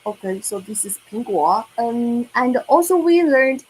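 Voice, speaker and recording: A woman's voice: a little high, animated, measured pace, a little hiss or hum, rough recording. A woman teaching a lesson, who repeats words and sentences patiently and checks in with frequent okays and rights. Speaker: Mandarin teacher. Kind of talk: online language lesson.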